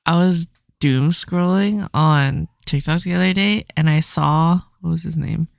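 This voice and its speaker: Young woman podcast co-host, fast animated casual chat, dry close sound. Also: deep voice, creaky, dry recording. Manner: fast, animated storytelling with lots of "like".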